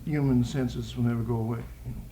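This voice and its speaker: A man's voice: medium pitch, fairly even intonation, fast talker, mellow, slight background noise. A man giving a live poetry reading with playful, rambling asides, chuckling between lines. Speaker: poet. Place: college social room with audience. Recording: echoey live room recording.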